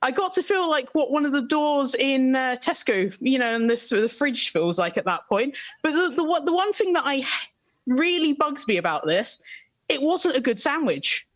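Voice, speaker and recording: A woman on a comedy panel telling a story in a dry, deadpan way over a video call from home. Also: high-pitched, moderate pace, dry recording. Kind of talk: comedic storytelling on a live stream.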